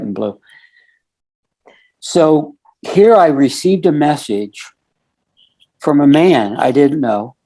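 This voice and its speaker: With a warm tone and medium pitch, a middle-aged man shares a story as a guest on a podcast. His casual, earnest telling goes through each conversation in order, peppered with "you know" and "um."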